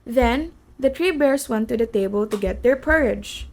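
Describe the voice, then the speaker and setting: A woman's voice: a little high, expressive, normal speed, darkish tone, rough recording. A woman reading a children's story aloud as storyteller, with slips and restarts.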